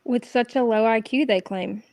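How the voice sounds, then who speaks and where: A woman's voice: fairly high pitch, moderate pace, darkish tone, no echo. A woman chatting on a live stream panel, gossiping casually.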